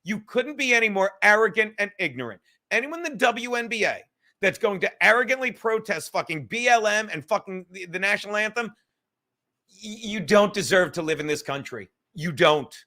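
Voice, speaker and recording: A man hosts his own podcast in a high, bright voice. He rants heatedly and swears through nearly every sentence. He breaks off now and then to answer his chat. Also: animated, normal speed. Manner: profane, heated, ranting. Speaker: podcast host. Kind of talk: profane ranting monologue reading chat comments.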